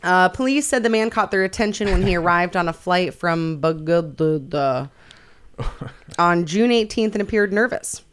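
A woman's voice: lowish voice, lively intonation, smooth. A young woman co-hosting a casual chat show, reading odd news headlines and laughing easily. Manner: giggly, playful, quick to laugh. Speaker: podcast co-host.

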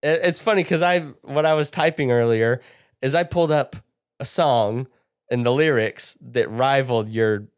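A man's voice: mid-range voice, normal speed, no echo, studio quality. A man of twenty-three co-hosting a casual podcast with his father, laid-back and brief in his replies. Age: 20s. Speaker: podcast co-host, son. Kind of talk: casual chat.

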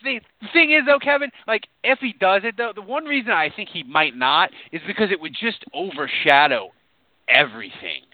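A man hosting a sports talk radio show, talking in an emphatic, animated way and swearing freely. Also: high-pitched, moderate pace, no room sound. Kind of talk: casual sports radio banter. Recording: tinny phone-like sound.

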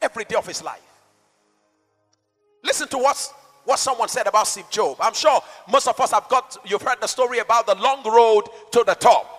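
High, bright-voiced preacher. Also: male voice, normal speed, long reverb tail, faint music behind. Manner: dynamic, rhetorical, swings between shouting and soft asides. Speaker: pastor. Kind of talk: sermon.

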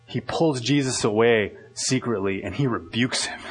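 A man preaching a sermon as pastor, in a loose conversational way full of "like" and quick restarts. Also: medium pitch, lively intonation, fairly bright tone, husky.

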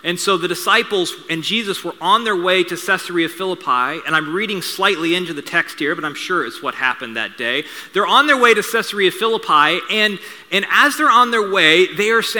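Brief: male pastor, forceful bright tone, slightly high voice, chatty storytelling sermon. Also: expressive, brisk. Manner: conversational storytelling with asides and humor. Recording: reverberant hall sound.

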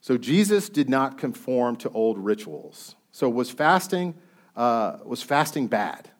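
A man's voice: medium pitch, sing-song, takes it slowly. A man preaching a sermon. He reads scripture aloud and puts questions to his listeners in a conversational way.

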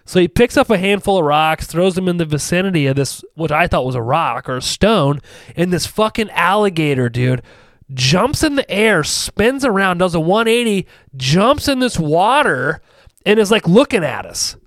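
Animated, cursing man telling stories. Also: high voice, moderate pace, no room sound. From Ohio. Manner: animated, profane storytelling with acted-out quotes. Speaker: podcast co-host. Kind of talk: casual storytelling chat.

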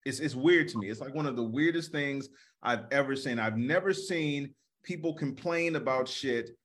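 A man's voice: mid-range voice, normal speed, a bit bright. A man co-hosting a comedy podcast, talking through politics in a reflective, rambling way. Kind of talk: casual political discussion.

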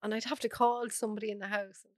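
An Irish woman with a hoarse, bunged-up voice, talking openly and bluntly as an interview guest. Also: medium pitch, level tone, quick pace, dry recording, clean studio sound. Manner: frank, chatty, laughs often. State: hoarse from a cold. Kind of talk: casual interview chat.

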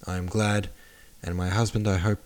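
A man's voice: low-pitched, flat delivery, normal speed, close to an everyday voice. A man voicing a hesitant, anxious middle-aged countess who sighs as she speaks.

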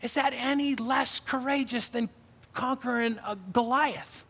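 A man's voice: extremely high pitch, steady tone, a little slow, pushed and bright. A man preaching a sermon as pastor, earnest and emphatic, often restarting his phrases. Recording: long reverb of a large hall.

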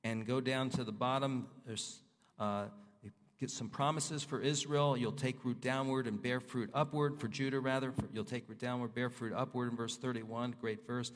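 A man's voice: fairly even intonation, normal speed. Man preaching in a reverberant hall. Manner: rises and falls in pitch, voices prayers with fervor. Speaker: pastor. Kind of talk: sermon with scripture reading.

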